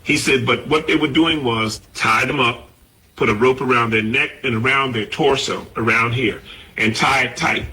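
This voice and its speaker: Bright-voiced man telling a story. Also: mid-range voice, fairly even intonation, normal speed, poor audio. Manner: recounts a conversation, quoting the other man. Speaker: collector of artifacts.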